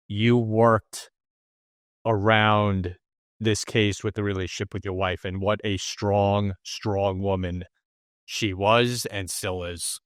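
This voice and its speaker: A man's voice: fairly low pitch, a bit bright, no room sound, clean studio sound. A man hosting an interview, talking enthusiastically and rambling a bit. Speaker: podcast host. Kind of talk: casual interview chat.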